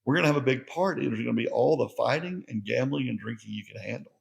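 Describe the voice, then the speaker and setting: A man's voice: mid-range voice, expressive, quick pace, gravelly. A man voicing a friendly male frontier neighbor in a joke, cheerful and inviting.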